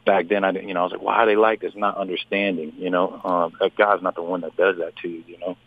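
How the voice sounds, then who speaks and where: A man calling in as a radio guest, telling his story in an earnest, halting way with many restarts. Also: low voice, flat delivery, dry recording. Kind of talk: phone interview testimony. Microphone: phone. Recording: tinny phone line.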